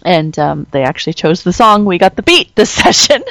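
Playful, giggly woman co-host with a lively, swooping voice on a dry mic. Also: lowish voice, normal speed, no echo. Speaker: podcast co-host. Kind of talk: casual chat.

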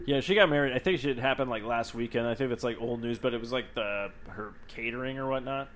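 A man's voice: mid-range voice, quick pace, a bit bright, slight background noise. A man co-hosting a casual podcast chat, joking and rambling through stories with plenty of swearing. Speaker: podcast co-host.

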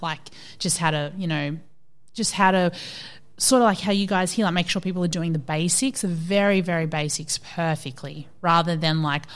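An Australian woman in her thirties who coaches fitness has a low, clear, resonant voice. She tells stories animatedly in a casual interview, frequently quoting people.

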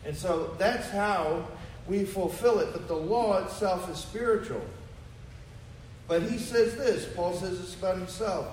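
Man, pastor, high voice, emphatic sermon, distant mic, faint background noise. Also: unhurried, darkish tone, roomy sound. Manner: emphatic, with rhetorical questions to the congregation. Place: church sanctuary.

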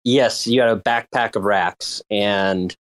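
Slow, low-voiced curious man. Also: steady tone, a little hiss or hum. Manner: curious, playfully formal. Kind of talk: casual chat.

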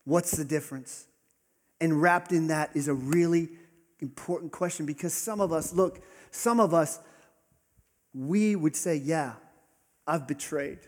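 Husky-voiced pastor preaching in a reverberant hall. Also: male voice, on the high side, unhurried. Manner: earnest, building to emphatic peaks then dropping soft. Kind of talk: sermon. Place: church hall with congregation. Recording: long reverb of a large hall.

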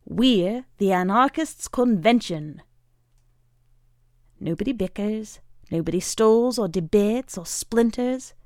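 A woman reading a short story aloud in a measured storytelling voice. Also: medium pitch, lively intonation, a little mellow, dry recording, studio quality. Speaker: reader.

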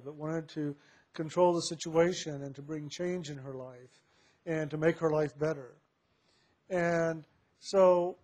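A man with a somewhat high voice tells a personal story at an unhurried, reflective pace. He laughs softly now and then as he recounts it.

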